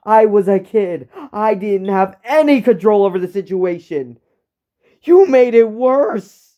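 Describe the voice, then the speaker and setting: A young man voicing a furious young male hero who yells his grievances, in an amateur fan story reading. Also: medium pitch, lively intonation, slow, highs cut off. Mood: yelling. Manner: angry, yelling.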